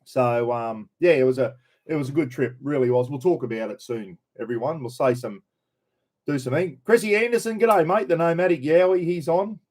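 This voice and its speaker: A man's voice: on the high side, a little fast, darkish tone. A middle-aged Australian man hosting a casual live stream, chatting loosely, greeting viewers by name and swearing freely.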